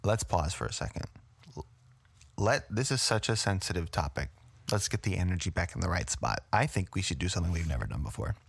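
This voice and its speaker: A man co-hosting a podcast in casual chat, calm and steering the conversation with frequent pauses. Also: low voice, gravelly, husky, no room sound. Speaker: podcast co-host.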